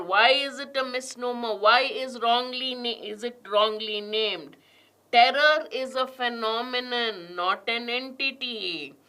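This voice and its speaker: Bright-voiced woman teaching a class. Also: a little high. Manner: reads passages aloud with strong stress on linking words, asks the class questions. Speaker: exam prep teacher. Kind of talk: online class lecture.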